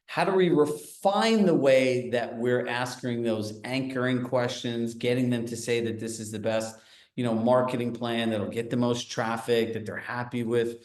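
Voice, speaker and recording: Animated male sales coach in an echoey room. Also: medium pitch. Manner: animated, storytelling, asks the audience questions. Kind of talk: training session talk. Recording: roomy echo.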